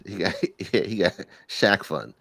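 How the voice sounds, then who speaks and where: A man co-hosting a podcast, chatting casually in a slangy, animated way and laughing often. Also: sits low, unhurried, creaky, dry recording. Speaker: podcast co-host. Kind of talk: casual chat.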